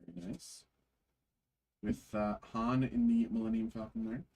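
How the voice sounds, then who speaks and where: A man hosting a trading card break, reading card names aloud slowly with frequent fillers. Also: medium pitch, sing-song, gravelly, warm tone, low-quality recording.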